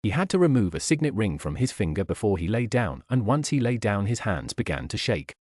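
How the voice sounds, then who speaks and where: Male audiobook narrator, animated delivery, dry booth sound. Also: lowish voice, fairly quick, slightly rough, no echo. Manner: lively, animated reading with voiced characters. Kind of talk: scripted narration.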